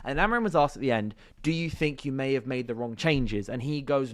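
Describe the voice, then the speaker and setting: A man's voice: medium pitch, expressive, a little fast. A man hosting a football talk show, emphatic and repeating his points. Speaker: show host. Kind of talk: sports talk show discussion.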